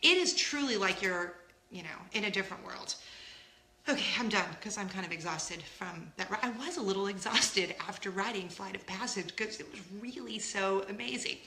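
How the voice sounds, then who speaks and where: A woman's voice: mid-range voice, normal speed, roomy sound. A woman, telling a story in a casual vlog, gushing and laughing often. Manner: gushing, laughs often, acts out loud gasps. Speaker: vlogger.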